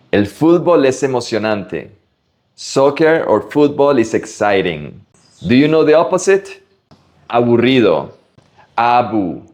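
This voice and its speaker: Slow, lively male Spanish teacher. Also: medium pitch. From Latin America. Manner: slow, careful pronunciation drills. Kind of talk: vocabulary lesson.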